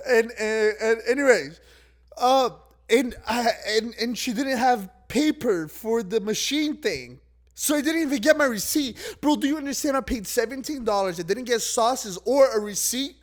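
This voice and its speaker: A man's voice: very high voice, measured pace. A young man ranting in a casual vlog, rambling and exasperated, swapping swear words for milder ones. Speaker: vlogger.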